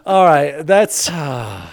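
A young man hosting a casual gaming podcast, openly sentimental and quick to laugh at himself. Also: fairly high pitch, very animated, vocal fry, slight background noise. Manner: emotional, self-deprecating, quick to laugh. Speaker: podcast host.

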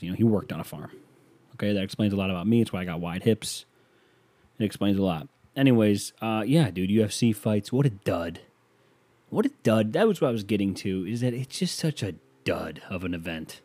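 Into a close mic, a podcast host from the United States rambles through a sarcastic monologue. He has a low-pitched, warm voice, and the recording is dry.

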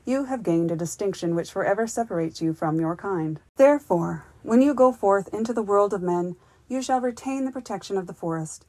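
A woman's voice: medium pitch, a little mellow, dry recording, lightly acted. A woman voicing an ancient male master woodsman, speaking in a grave, commanding, formal way.

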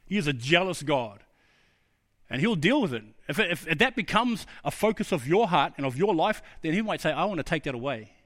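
Earnest high-voiced New preacher. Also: male voice, lively intonation, normal speed. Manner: earnest, personal storytelling with sudden drops to a low, quiet voice. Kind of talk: sermon.

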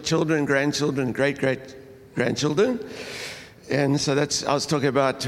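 An older pastor from Durban, South Africa, opens a sermon in a church hall, jovial and rambling, laughing often and tired from lack of sleep. His medium-pitched voice carries through the large hall.

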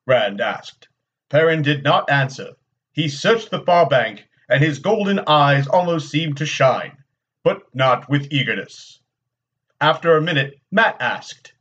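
Male reader, slightly high voice, dull lo-fi recording, steady storytelling pace. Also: measured pace. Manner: steady storytelling read with quoted dialogue. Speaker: guest reader. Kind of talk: reading a novel aloud.

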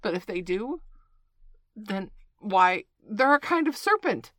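A frantic, shrieking mother pigeon, put on by a woman reading a storybook aloud. She squawks high and loud, scolding with sobbing contempt, heard up close with almost no room sound. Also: big pitch swings, slow pace, no echo. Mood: shrill, accusing. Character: shrill anxious female pigeon, fiercely protective.

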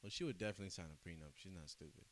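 A young man chatting casually, telling stories with lots of laughter and big swings between loud and quiet. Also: deep voice, very fast. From California. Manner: animated storyteller, laughs often, swings loud and soft. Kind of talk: casual chat. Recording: faint hiss.

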